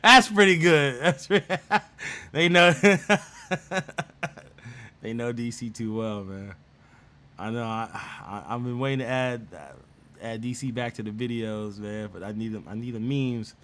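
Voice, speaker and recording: A man's voice: mid-range voice, unhurried, sharp tone, slight background noise. A man hosting a casual gaming chat, talking in slang, teasing people and laughing often. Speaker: gaming channel host.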